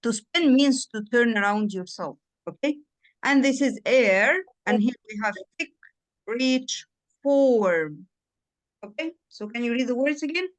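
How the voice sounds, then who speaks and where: A woman's voice: a little high, animated, a little slow. A woman, a native Arabic speaker, tutoring in English over a video call, patiently drilling words and checking the student understood. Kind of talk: one-on-one online lesson.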